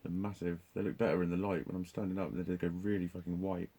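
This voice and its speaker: A man's voice: deep voice, level tone, fast talker, mellow, breathy edge. A man rambling in a live monologue, swearing constantly, laughing often and restarting his sentences. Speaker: vlogger.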